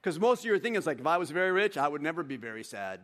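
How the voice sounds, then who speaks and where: This pastor's sermon comes rapid-fire and animated as he acts out back-and-forth dialogue with the congregation. He punches key points with a high, loud voice, then sinks into quiet.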